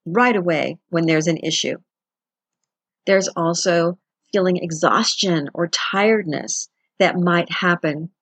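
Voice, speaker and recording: Husky low-voiced woman, chatty wellness talk. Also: no echo. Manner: chatty, conversational, acts out quotes with laughs. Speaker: wellness teacher. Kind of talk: casual self-help talk.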